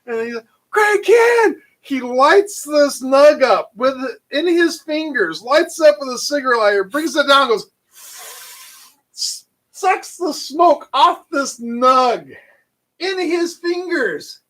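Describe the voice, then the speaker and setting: A man casually telling a long, animated story full of fillers and restarts. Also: extremely high pitch, takes it slowly, poor audio. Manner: animated, rambling anecdote with frequent fillers. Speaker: channel host.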